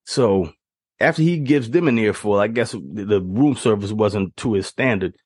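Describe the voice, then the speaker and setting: Husky, expressive male storyteller, casual, dry close sound. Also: fairly low pitch, moderate pace, no room sound. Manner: animated, laughs through the telling. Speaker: podcast host.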